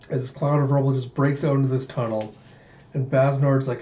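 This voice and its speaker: A man casually reading a comic aloud, voicing sound effects and chuckling along. His voice is mellow and even, recorded in a roomy space with a slightly muffled, lo-fi sound. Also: medium pitch, fairly quick. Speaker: manga readthrough host. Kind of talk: casual comic readthrough narration.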